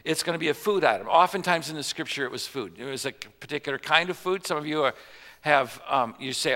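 Man, pastor, sermon, fairly high voice, joking and questioning, long hall reverb. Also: brisk, sharp tone. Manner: conversational with jokes and rhetorical questions.

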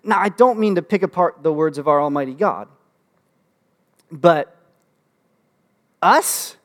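Man, pastor giving a sermon, fairly high voice, lively humorous delivery, repeats words as he goes. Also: a little slow, pauses often. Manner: animated, humorous asides with rising excitement; frequent restarts and filler words.

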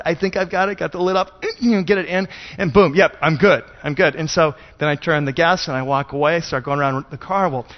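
High-voiced pastor telling a funny story. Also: male voice. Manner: self-deprecating, rambling, conversational. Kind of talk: humorous sermon storytelling. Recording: dull lo-fi sound.

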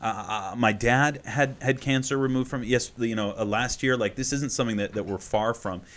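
A man in his thirties, a guest minister, sharing a personal story in an earnest, heartfelt way that often drops to a hushed tone. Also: mid-range voice, normal speed. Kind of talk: conversational storytelling.

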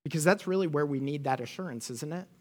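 A man's voice: a little high, fast. A man preaching a sermon as a pastor. He speaks animatedly, asks the congregation questions and acts out the quotes he reads.

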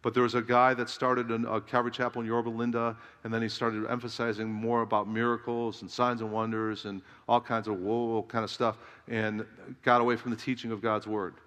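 A middle-aged pastor from Southern California preaches emphatically, firing rhetorical questions at his congregation in a fairly quick stream with few pauses. His mid-pitched voice is clear, resonant, and a bit bright, with little pitch movement. A large hall's long reverb surrounds him.

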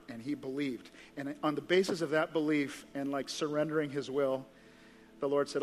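Man, pastor, conversational sermon, fairly high voice, long church reverb. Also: steady tone, normal speed, faint music behind. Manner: conversational, earnest, lots of fillers. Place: church auditorium.

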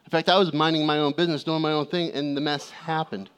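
A middle-aged man delivers a sermon built around a family story, performing the voices with energy and inviting amens from the congregation. His delivery is quick and smooth, at a fairly high pitch.

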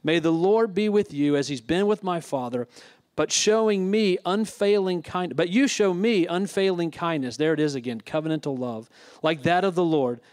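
Male pastor, fairly high voice, preaching a sermon that mixes reading with plain retelling. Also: normal speed, darkish tone. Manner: retells scripture with asides.

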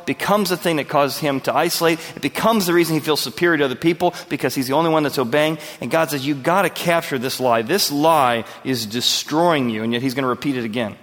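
A man's voice: fairly high pitch, big-room sound. A male pastor preaching a verse-by-verse sermon in an earnest, conversational way, asking his listeners questions.

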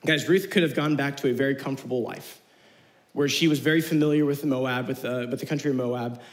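A young man giving a casual, slangy youth sermon, animated as he retells the story. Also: medium pitch, fairly quick, poor audio. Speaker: youth pastor.

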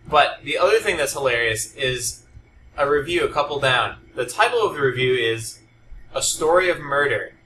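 A bright, forward-sounding man banters playfully as a podcast co-host. He sits a little back from the mic, and there is faint noise around him. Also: medium pitch, moderate pace, roomy sound, recorded from a distance, poor audio. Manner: animated, playful, hams up a dramatic reading. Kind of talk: casual tech podcast chat.

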